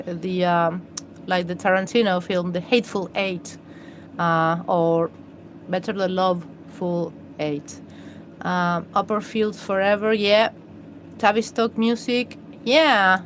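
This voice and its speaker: Slow, halting woman live-streaming. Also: medium pitch, a little hiss or hum, rough recording. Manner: hesitant, halting, many fillers and restarts. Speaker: livestream host. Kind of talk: rambling live-stream chat.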